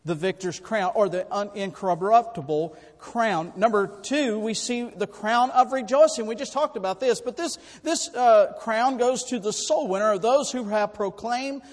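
A man preaching a sermon, folksy and animated, telling personal stories. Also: sits high, normal speed, few pauses. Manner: folksy, animated storytelling with sudden loud bursts. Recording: long hall reverb.

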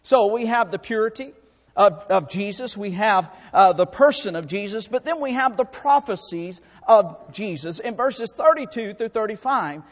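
Guy preaching, pretty high voice, lots of long reverb, gets louder n louder on his points. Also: animated, normal speed. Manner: emphatic, rises in pitch and volume for rhetorical points; repeats and restarts words while preaching. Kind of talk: sermon.

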